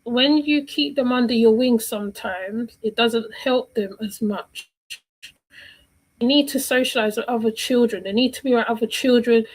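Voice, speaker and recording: A woman with a slightly high voice talks through a casual livestream commentary. She rambles, circles back and repeats phrases while she hunts for the right word. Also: moderate pace, slightly rough, rough recording. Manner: rambling, repeats herself, searches for words.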